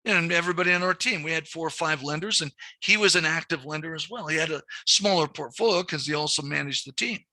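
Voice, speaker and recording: Talking quickly with few pauses, a middle-aged commercial lending instructor lectures his class in a chatty style, repeating words, restarting often, and telling anecdotes. His voice is a little high and sharp, recorded with no echo.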